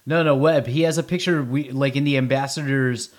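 A man with a mid-pitched voice teasing others in a casual group voice chat. He laughs as he jokes. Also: fairly even intonation, a little fast.

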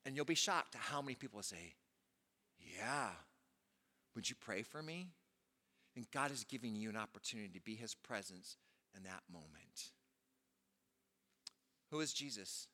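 Male pastor, casual sermon delivery, bright, forceful tone, big reverberant hall. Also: lowish voice, animated, fairly quick, pauses often. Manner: conversational preaching, with frequent "you know" fillers. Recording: long reverb of a large hall.

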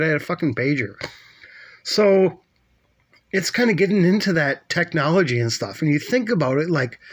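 A man's voice: high voice, a bit bright. A middle-aged man casually retelling a movie plot, rambling and swearing a lot, with plenty of fillers. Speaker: movie recapper.

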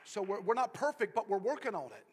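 A man preaching a sermon in church, repeating himself as he builds from soft talk to loud, fervent preaching and back down. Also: sits high, sing-song, quick pace, slight background noise. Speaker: pastor. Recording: long hall reverb.

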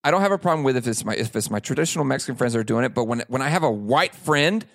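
A man's voice: mid-range voice, animated, racing, fairly bright tone, dry recording, clean studio sound. A young man co-hosting a casual podcast chat, stammering through heated complaints. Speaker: podcast co-host.

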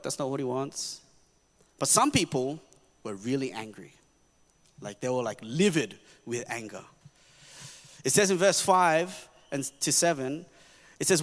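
A pastor giving a sermon in an earnest, conversational way, often checking in with the congregation. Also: male voice, a little high, a bit bright. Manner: earnest, conversational preaching with frequent "right?" asides. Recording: long reverb of a church hall.

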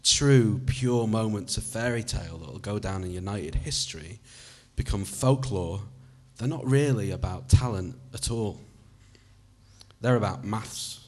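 A cocky male pub mate, voiced by a man holds court with matey swagger. His voice is slightly husky and sits on the low side. He lectures and swears in the same easy breath. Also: unhurried. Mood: bantering.

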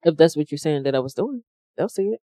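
A soft-spoken woman co-hosting a podcast, calmly defending herself in an argument. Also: low-pitched, fast, no room sound. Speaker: podcast co-host. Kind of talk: casual argumentative chat.

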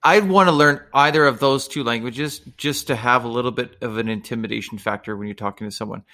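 A man's voice: medium pitch, quick pace, pushed and bright. Profane rambling man. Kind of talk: casual chat.

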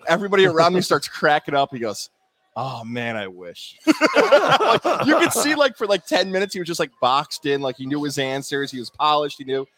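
A man co-hosting a sports talk show, telling quick anecdotes and defending his picks. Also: mid-range voice, animated, fairly bright tone, slight background noise. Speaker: sports talk co-host and Heisman voter. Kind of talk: casual sports radio banter.

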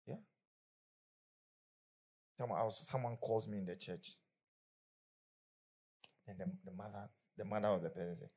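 A man's voice: on the low side, normal speed, pauses often, darkish tone, slightly rough. A man preaching a conversational sermon as pastor, often acting out the people he quotes.

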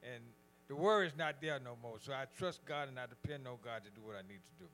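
A man, a deacon, answering in a group discussion, quiet and soft-spoken. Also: medium pitch, quick pace, a little hiss or hum.

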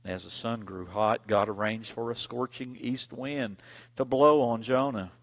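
A male preacher reading scripture and telling a story in a sermon, with dramatic swings in loudness. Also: medium pitch, steady tone, measured pace. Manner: dramatic, dynamic delivery, big swings in loudness.

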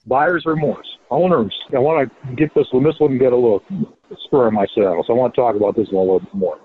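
A man's voice: medium pitch, fast, a little hiss or hum. A man ranting with irritation about a league rule in a recorded message. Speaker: league member sending an audio message. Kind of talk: recorded complaint. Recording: tinny phone-line recording.

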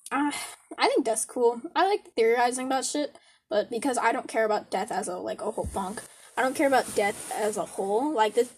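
A woman's voice: fairly high pitch, slightly rough. A young woman in casual chat who laughs often and swears freely, talking about her own life.

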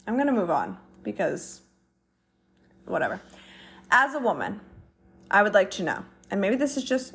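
A woman's voice: mid-range voice, a bit bright. A young adult woman vlogging in a casual, chatty way, blunt and exasperated as she vents. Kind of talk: casual talk to camera.

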